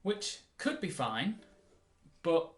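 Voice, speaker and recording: A man teaching a mandolin lesson, explaining in a relaxed way and counting the beats aloud. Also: fairly high pitch, slow pace. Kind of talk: casual music lesson. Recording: roomy sound with mandolin playing.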